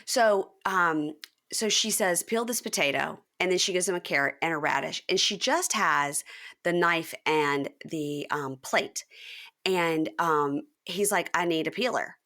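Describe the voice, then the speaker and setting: A woman's voice: lowish voice, slow pace, sharp tone. A woman hosting a podcast, animatedly retelling a reality show scene and acting out the couple's lines. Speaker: podcast host. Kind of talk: casual recap chat.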